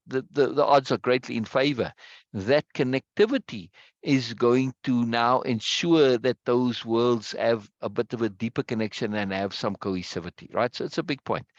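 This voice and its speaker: A man's voice: mid-range voice, dry recording, muffled recording. A man leading a study group, reading from a book and explaining it, often checking in with "right?". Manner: animated, repeats words, asks "right?". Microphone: video call.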